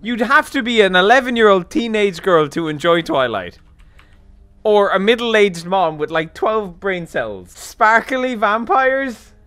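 A man riffs through a game playthrough in a rambling, sarcastic rant. His voice sits high and swings widely in pitch, with a bright edge. The sound is dry and close. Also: sing-song, measured pace, dry recording. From Ireland. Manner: rambling, sarcastic, jokey ranting. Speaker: gaming streamer. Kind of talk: casual let's play commentary.

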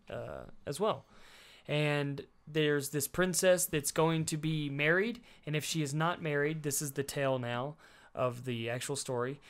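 A man's voice: mid-range voice, smooth. A man co-hosting a casual movie podcast, rambling with lots of fillers and jokes. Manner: rambling, joking, laughs often with many fillers. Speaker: podcast co-host. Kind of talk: casual chat about movies.

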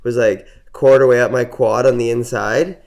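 A man who is a professional snowboarder, a podcast guest telling an injury story in casual chat, animated and full of "like". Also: mid-range voice, moderate pace, creaky, crowd noise. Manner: animated, says "like" often.

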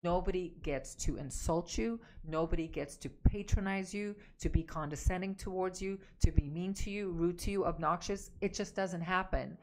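A woman's voice: lowish voice, moderate pace, few pauses. A woman relationship coach giving emphatic, direct advice, repeating her key points. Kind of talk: advice talk to camera.

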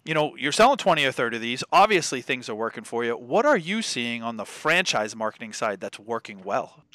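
A man's voice: mid-range voice, very animated, brisk, sharp tone. A man hosting a podcast in a casual interview style, friendly and joking, plain-spoken, over a video call. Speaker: podcast host.

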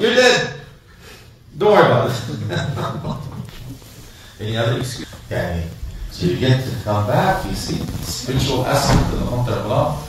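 A man giving a lively Ramadan sermon, asking the congregation questions and acting out people's excuses. He says he is losing his voice. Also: mid-range voice. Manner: asks the crowd questions and acts out excuses in quick back-and-forth. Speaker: imam giving a talk. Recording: echoey hall, mic from a distance.

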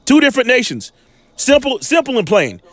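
A man's voice: extremely high pitch, sing-song, fairly quick, fairly bright tone, no echo. A man giving informal scripture teaching, reading verses aloud and breaking in with emphatic rhetorical questions. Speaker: Bible teacher.

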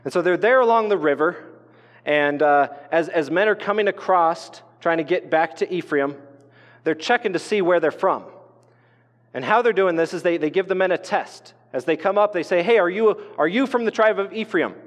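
A man's voice: fairly high pitch, moderate pace, big-room sound. A man in his role as pastor preaching a sermon in a casual, conversational way, with asides and restarts, from northern Colorado. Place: church sanctuary.

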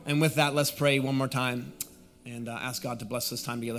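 A man's voice: mid-range voice, steady tone, brisk, creaky, a bit bright, faint music behind. A young adult man preaching a sermon as a guest pastor, drawing the congregation in and having them repeat phrases back. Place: church auditorium.

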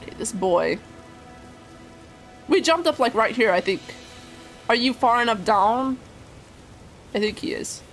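A woman's voice: on the high side, lively intonation, unhurried, pauses often, faint music behind. A woman streaming a game live, chatting with her viewers as she plays, swearing freely and laughing often. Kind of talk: live gameplay commentary.

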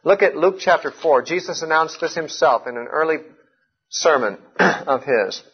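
Male Bible teacher, earnest and explanatory, rather high voice, a little husky, muffled lo-fi sound. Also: normal speed. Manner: earnest, explanatory, emphatic on key points. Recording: muffled lo-fi recording.

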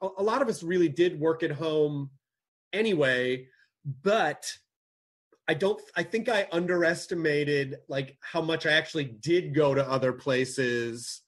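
Jokey man with a husky voice. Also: on the high side. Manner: quick, jokey, slips into mock voices. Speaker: podcast host. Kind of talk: casual chat over video call.

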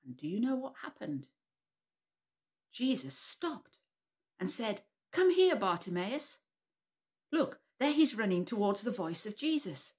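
Woman, children's storyteller, slow, very lively pitch, call-and-response. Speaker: preschool worship leader. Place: church.

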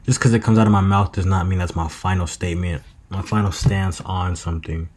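A man's voice: sits low, fairly even intonation, a little fast, darkish tone. A young man talking to himself late at night in a loose, meandering, slangy monologue that drifts into half-freestyled rhymes. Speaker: vlogger.

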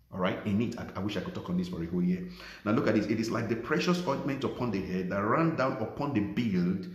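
A man's voice: lowish voice, echoey room. A man preaching as a pastor, emphatic and repetitive, pressing key phrases harder each time he repeats them. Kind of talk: livestreamed sermon.

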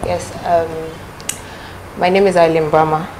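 A woman's voice: on the low side, steady tone, measured pace, noisy background. A Ghanaian woman in her twenties, a guest artiste, answering interview questions in a playful, coy way. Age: 20s.

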